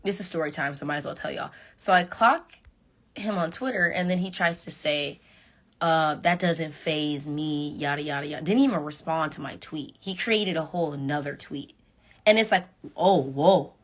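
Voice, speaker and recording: A young woman chatting casually with fans on a live stream, animated and sassy, talking straight to her viewers. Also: low-pitched, a little fast. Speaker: reality show contestant on a live stream. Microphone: phone.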